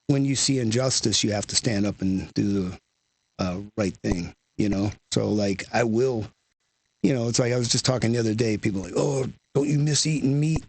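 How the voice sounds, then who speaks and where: A man with a low, gravelly voice and a husky edge tells stories in an easygoing, rambling way, his phrases strung together with "you know" and "like". He is recorded close in a dry space with no room sound around him. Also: moderate pace, darkish tone, dry recording. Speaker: guest musician, lead singer. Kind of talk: casual conversational storytelling.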